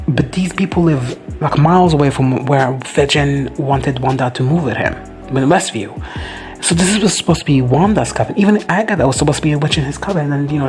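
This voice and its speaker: A man giving a casual reaction recap of a TV episode, gushing, swearing freely and briefly acting out characters in quick high voices. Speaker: reaction vlogger.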